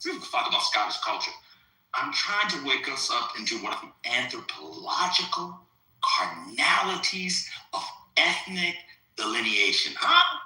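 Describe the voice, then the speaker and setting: A man arguing in a crude, casual live-stream debate, provocative and animated. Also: medium pitch, roomy sound, rough recording. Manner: animated, provocative, swings loud to soft.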